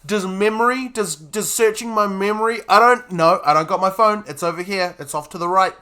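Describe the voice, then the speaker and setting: A young man giving playful, excitable live gameplay commentary, often laughing while chatting with his viewers. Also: high voice, brisk, clear, resonant tone. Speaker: streamer.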